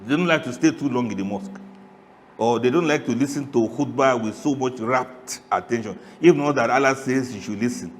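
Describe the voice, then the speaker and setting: A man giving a lively, humorous sermon, often laughing and asking the audience questions. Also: mid-range voice, a little fast, big-room sound, slight background noise. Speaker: Islamic preacher.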